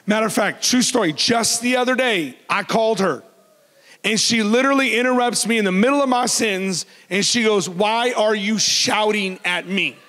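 Loud, animated pastor in a church hall. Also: male voice, sits high, fairly quick. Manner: loud, animated, joking with the congregation. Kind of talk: sermon.

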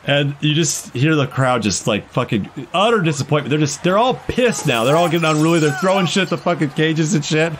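A man running a tabletop game as game master. His voice sits a little high and swings widely as he narrates, and he is loose, sweary and quick to laugh. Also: a little hiss or hum. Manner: animated, profane, laughing.

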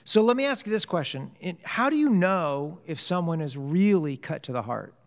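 Man, Bible study teacher, higher voice, chatty and joking, long hall reverb. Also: sing-song, normal speed, creaky. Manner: joking, conversational, quizzes the group. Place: church hall.

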